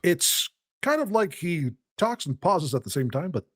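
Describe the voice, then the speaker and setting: Animated chatty man with a dry close mic. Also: fairly high pitch, moderate pace, slightly rough, dry recording. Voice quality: smoker's voice. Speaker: guest. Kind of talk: casual podcast chat.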